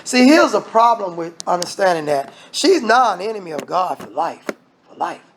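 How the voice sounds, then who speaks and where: A man preaching a lively sermon, firing off rhetorical questions and acting out voices. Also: sits high, moderate pace, slight background noise.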